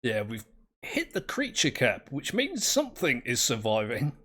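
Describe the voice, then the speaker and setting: A man's voice: mid-range voice, huge pitch swings, a little slow, fairly bright tone, husky. A man, commentating his own game play in a rambling, self-mocking, easily amused way. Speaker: gameplay commentator.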